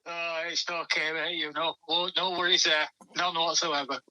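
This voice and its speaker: Sharp-voiced teasing male caller. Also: a little high, little pitch movement, normal speed, dry recording, rough recording. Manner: teasing banter.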